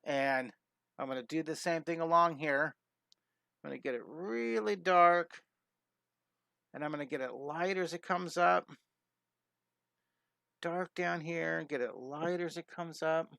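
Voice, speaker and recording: A man's voice: on the high side, creaky, a bit bright, smooth, no echo, clean studio sound. Eager man teaching drawing live. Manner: enthusiastic, chatty, greets viewers, quick cat sound effects. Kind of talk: live-streamed drawing lesson.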